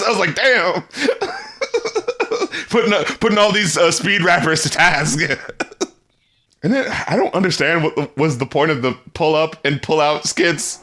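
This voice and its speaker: High bright-voiced man laughing through chat. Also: normal speed. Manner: laughs often, acts out lyrics in goofy voices, swears freely. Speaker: podcast co-host. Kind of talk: casual music review chat.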